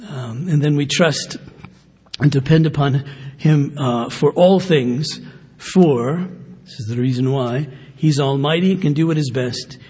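A man's voice: fairly high pitch, measured pace, mellow, breathy edge. A man preaching a sermon in a conversational, earnest way, with fillers and asides. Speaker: pastor. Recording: long hall reverb.

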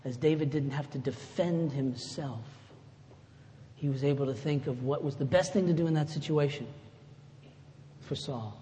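A man's voice: moderate pace, slight background noise. Preaching man in an echoey hall. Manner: conversational preaching, swings from loud emphatic to soft and low. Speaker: pastor. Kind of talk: sermon. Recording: echoey hall with faint ambience.

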